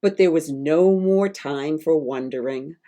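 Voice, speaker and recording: A woman author reading her picture book aloud to children, animated, with call-and-response and chatty teacherly asides. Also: deep voice, a little slow.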